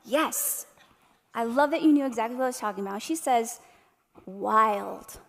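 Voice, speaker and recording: A woman's voice: on the high side, brisk, a little mellow, long reverb tail, slight background noise. Passionate woman giving a keynote. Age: 30s. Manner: passionate, addresses audience directly with rhetorical questions. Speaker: motivational speaker. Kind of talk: inspirational keynote speech. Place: room with a live audience.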